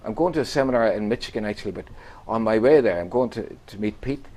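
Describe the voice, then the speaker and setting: A man's voice: lowish voice, lively intonation, quick pace, a little mellow. A man, a radio guest, telling a rambling anecdote full of quoted voices. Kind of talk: storytelling in a radio chat.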